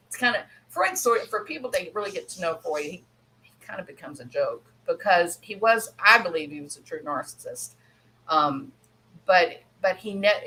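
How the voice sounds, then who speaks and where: A woman's voice: mid-range voice, pushed and bright, low-quality recording. A woman hosting a podcast, explaining ideas in a chatty way, laughing now and then and acting out quoted voices. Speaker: podcast host. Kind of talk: casual explanatory monologue.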